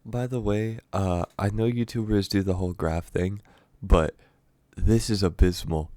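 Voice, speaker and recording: A man's voice: low voice, steady tone, measured pace, warm tone, no echo. A sick, congested man with a stuffy voice, casually explaining a game character's abilities as a voice-over. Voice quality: stuffy, nasal from a cold. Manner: chatty, explains step by step with fillers. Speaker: gaming YouTuber.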